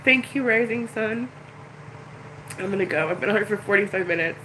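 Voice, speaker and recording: A woman's voice: medium pitch, a little fast, pushed and bright, a little hiss or hum, low-quality recording. A middle-aged woman chatting casually and candidly on a live stream, rambling and emotional. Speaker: YouTuber.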